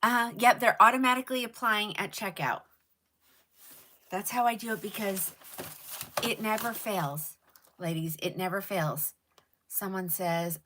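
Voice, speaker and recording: A woman hosting a live wig sale, chatting casually and rambling to her viewers, with quick whispered asides. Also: medium pitch, sharp tone. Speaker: live shopping host selling wigs. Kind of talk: casual live-stream sales chat.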